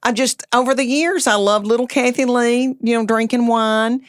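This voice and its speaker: A woman in her fifties with a Tennessee Southern accent, a comedian chatting with animated, self-deprecating storytelling. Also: a little high, moderate pace, no room sound, clean studio sound. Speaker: comedian guest. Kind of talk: casual chat.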